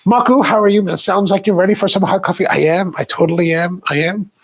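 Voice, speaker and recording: A man's voice: sits high, fast talker, breathy edge. A stuffed-up man hosting a casual live coffee show, chatting straight to his viewers. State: stuffed-up sinuses. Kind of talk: casual live-stream chat.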